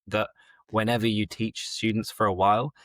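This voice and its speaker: Yorkshire guy hosting a chat, lowish voice, friendly questions, dry sound. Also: flat delivery, normal speed, a bit bright, no echo. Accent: Yorkshire English. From northern England, Yorkshire. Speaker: host, English teacher. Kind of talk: casual interview.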